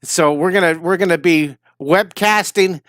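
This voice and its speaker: A fifty-something drawing instructor rambles through a casual live-stream chat, tired and a little short of breath. He has a high voice, speaks at normal speed with a fairly bright tone, and the studio-quality recording has no echo.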